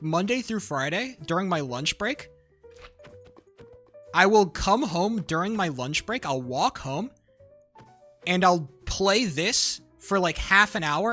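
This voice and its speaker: Bright-voiced streamer ranting with profanity. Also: mid-range voice, unhurried, faint music behind. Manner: animated, profane, mock-pretentious ranting; often breaks into laughter. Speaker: live streamer. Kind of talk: casual live-stream chat while gaming.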